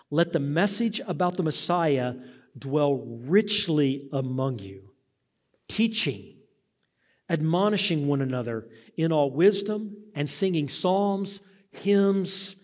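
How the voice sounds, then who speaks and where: An earnest male preacher delivering a sermon, his voice sitting a little higher than most men's. He drives his points home with rhythmic repetition and direct appeals to his listeners. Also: darkish tone.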